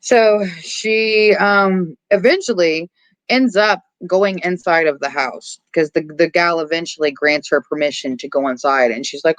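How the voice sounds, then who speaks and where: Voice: mid-range voice, no room sound. Podcast host retelling a movie, dry sound. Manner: animated retelling with profanity and filler words; acts out characters' lines in quick asides. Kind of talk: casual movie recap chat.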